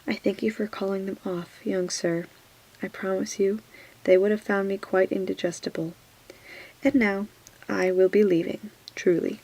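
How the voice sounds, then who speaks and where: A woman's voice: medium pitch, fairly even intonation, moderate pace, gravelly, poor audio. A woman whispering as a sardonic dwarf lord in whispered role-play. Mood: dry mocking. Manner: dry, mocking, soft-spoken. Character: sardonic dwarf nobleman, witty and dry.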